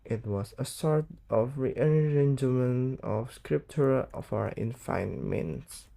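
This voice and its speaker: A young man, reading a novel aloud for school in a halting way, stumbling over and misreading words. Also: mid-range voice, vocal fry, mellow. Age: late teens. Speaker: student reading an audiobook. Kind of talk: read-aloud narration of a novel.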